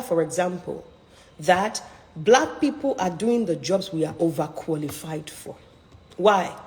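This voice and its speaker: A woman's voice: mid-range voice, darkish tone, big-room sound, a little hiss or hum, poor audio. A middle-aged woman career coach giving an emphatic, persuasive online talk with a preacher-like drive.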